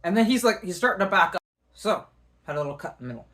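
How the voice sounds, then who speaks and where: A man telling a story to the camera in an animated way. He uses lots of fillers and swears now and then. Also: high voice, racing. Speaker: vlogger.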